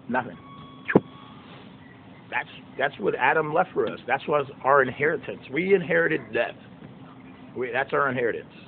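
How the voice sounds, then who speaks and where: A man's voice: medium pitch, gravelly, slight background noise. Fifties male preacher, casual and emphatic, repeating points with folksy rhetorical questions, tinny lo-fi phone audio. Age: 50s. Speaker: preacher and songwriter. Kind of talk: informal preaching monologue.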